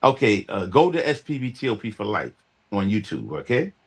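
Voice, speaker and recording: A man's voice: on the low side, sing-song, a little fast, husky. A man arguing insistently in a podcast debate, often stammering as he restarts. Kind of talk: heated panel debate.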